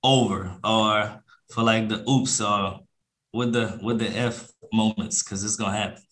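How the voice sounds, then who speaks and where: A man's voice: lowish voice, fairly even intonation, measured pace, a bit bright. Laid-back slangy man talking business. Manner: laid-back, slangy, acts out phone calls in a livelier voice. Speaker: podcast guest, real estate investor. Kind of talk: casual interview talk.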